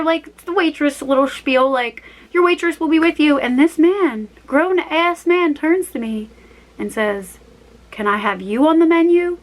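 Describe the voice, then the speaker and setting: Young woman in her twenties rambling thru retail stories, kinda high voice, keeps correcting herself mid-sentence. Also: poor audio. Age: young adult, about 21. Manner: chatty, rambling, tangents and self-corrections; animated, acts out her own quoted lines. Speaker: vlogger. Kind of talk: casual storytime chat.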